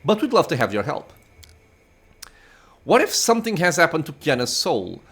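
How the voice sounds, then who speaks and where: A man's voice: on the high side, sing-song, moderate pace, fairly bright tone, slightly rough, full character voice. A man reading the lines of a tired, grieving male cleric from a game. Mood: earnest. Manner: earnest, tired. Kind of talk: reading game dialogue aloud.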